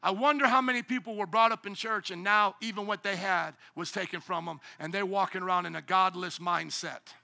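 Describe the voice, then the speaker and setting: A male pastor preaches in a high, piercing, bright voice that stays steady, runs a little fast, and sounds creaky, with few pauses. His animated sermon slips into acted-out voices and bursts into shouts for emphasis.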